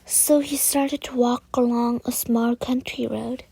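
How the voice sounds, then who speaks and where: A woman reading a storybook aloud, slowly and carefully, with soft, breathy passages. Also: fairly high pitch, steady tone, poor audio. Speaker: reader.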